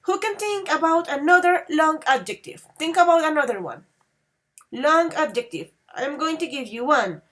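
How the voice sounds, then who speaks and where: A woman teaching an English grammar class, patiently quizzing students and spelling out word endings slowly. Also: sits high, expressive, fairly bright tone.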